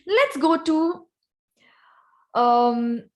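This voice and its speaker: Speaking extremely slowly in a high, sing-song voice, a woman with an Indian accent runs an instructive workshop on speaking skills. She is the guest speaker on vocal variety at an online club session and calls volunteers by name.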